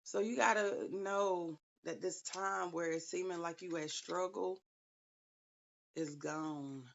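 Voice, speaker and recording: A woman's voice: on the low side, fairly even intonation, takes it slowly, gravelly, highs cut off. A woman giving viewers a casual spiritual tarot reading, chatty and slangy, talking straight to them. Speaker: tarot reader.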